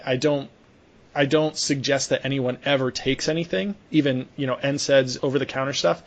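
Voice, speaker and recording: A young man, a sports medicine clinician, chatting casually and telling a story with lots of restarts and fillers. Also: medium pitch. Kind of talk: casual podcast conversation.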